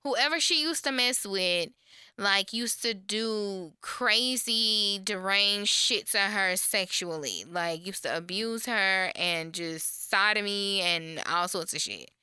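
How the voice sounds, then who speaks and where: A woman co-hosting a podcast recaps reality TV in casual, animated storytelling, acting out quotes and swearing freely. Her mid-range voice is slow, clear and resonant, recorded in studio quality with no echo.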